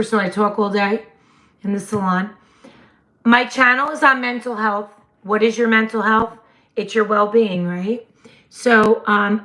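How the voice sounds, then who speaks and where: A woman, hosting a casual livestream chat in a slightly hoarse voice and laughing often. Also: mid-range voice. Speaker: livestream host.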